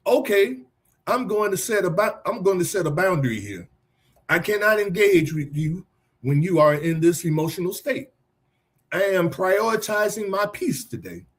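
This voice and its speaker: A man's voice: high voice, animated, moderate pace. A man reading the part of a defensive husband who deflects blame with therapy words. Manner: reads the lines plainly, scripted. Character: defensive husband hiding behind therapy talk.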